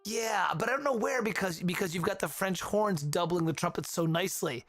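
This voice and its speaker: A man hosting a casual livestream, giving animated feedback on music and often humming the melodies aloud. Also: sits high, fairly quick. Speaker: livestream host reviewing music compositions.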